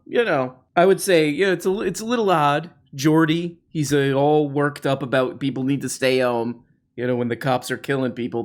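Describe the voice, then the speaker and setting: Sardonic male political commentator. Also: medium pitch. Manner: sardonic, mocking, with many restarts and put-on quote voices. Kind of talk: casual commentary.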